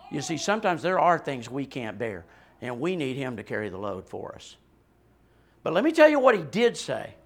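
A man's voice: a little high, very animated, moderate pace. A male pastor preaching a sermon with passion and emphasis, often adding a questioning "right?" and laughing lightly between points.

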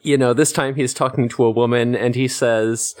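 A man's voice: mid-range voice, fairly even intonation, moderate pace. Man rambling through plot beats. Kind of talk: casual chat recapping an episode.

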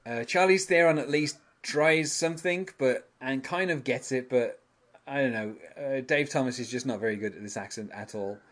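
A man's voice: medium pitch, normal speed. A man hosting a casual podcast, rambling through an episode recap with many fillers and frequent chuckles. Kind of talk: casual chat.

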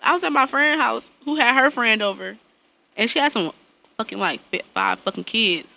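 A woman's voice: a little high, normal speed, gravelly, pushed and bright, slight background noise. A woman in casual chat, telling blunt, profane stories about her son and laughing often as she acts out quotes. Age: adult, parent of a young son.

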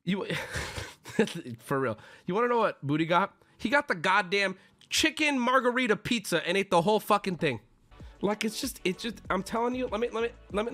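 Brief: male streamer, 30s, higher voice, big pitch swings, loud exasperated rants. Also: sing-song, normal speed. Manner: loud, exasperated ranting, mocking whiny voices. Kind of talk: ranting stream chat.

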